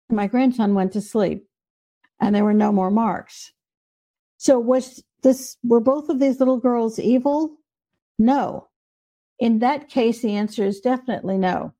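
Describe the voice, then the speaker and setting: A woman's voice: fairly high pitch, measured pace, dark tone. Earnest older woman telling stories. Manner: earnest, emphatic storytelling. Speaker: psychic medium guest. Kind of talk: storytelling in an interview.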